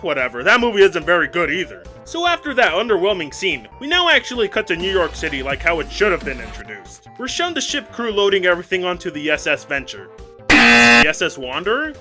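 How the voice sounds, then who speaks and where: A man's voice: high voice, wildly swooping pitch, fast, few pauses, over music. A young man giving a sarcastic comedic film review, with exaggerated outbursts.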